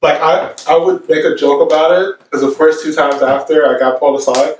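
A man's voice: a little high, steady tone, fairly quick, far from the mic, slight background noise. A man, a chef, telling amused, laid-back anecdotes in casual chat. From Vietnamese heritage. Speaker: chef, podcast guest. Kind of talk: casual storytelling. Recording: roomy, off-mic.

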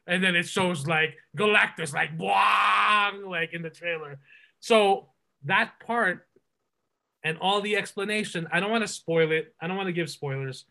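An enthusiastic man hosting a casual podcast. His voice sits high and sounds bright and forward. He rambles through his points with many fillers and restarts. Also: normal speed. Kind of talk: casual movie review chat.

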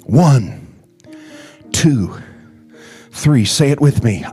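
Shouting preacher, slow and fervent. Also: male voice, medium pitch, animated, breathy edge, faint music behind. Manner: preaching, rising to shouts and calls for response. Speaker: pastor. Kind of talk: sermon. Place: church sanctuary.

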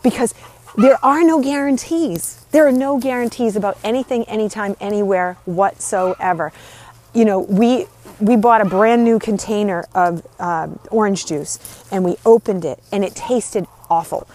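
Woman, life coach, earnest and emphatic, average pitch, daily pep talk. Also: moderate pace, darkish tone. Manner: earnest, emphatic, repeats key phrases. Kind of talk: motivational daily talk to camera.

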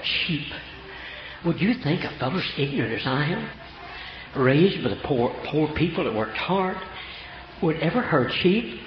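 Folksy old preacher man, lively high voice. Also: a little slow, long pauses. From Oklahoma. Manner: homespun, rural grammar, animated. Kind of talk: folksy storytelling sermon. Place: church. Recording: echoey church room, dull lo-fi sound.

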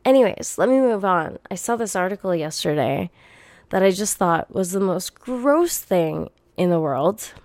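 A young woman rants on her solo podcast, blunt and heavy on profanity, her low-pitched voice a little worn from a cold coming on. The sound is dry and close, with no room around it. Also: expressive, normal speed, a little mellow, no room sound. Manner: blunt, profane, exasperated venting. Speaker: podcast host.

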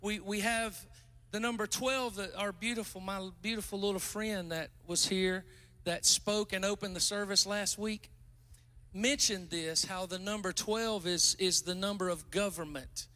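A man preaching as a guest pastor in a casual, joking sermon. He is chatty and pokes fun at himself, then bursts into loud exclamations. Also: high-pitched, fairly even intonation, unhurried.

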